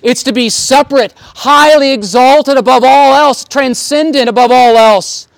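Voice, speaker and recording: High-voiced man preaching a sermon. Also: measured pace, creaky, smooth, dry recording. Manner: emphatic preaching, rising and falling for stress. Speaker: pastor. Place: outdoor service near a tent.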